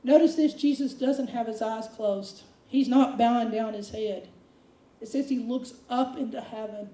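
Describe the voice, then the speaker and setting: High-voiced woman preaching a sermon. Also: normal speed, warm tone. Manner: conversational, emphatic, acts out quotes. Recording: roomy echo, distant mic.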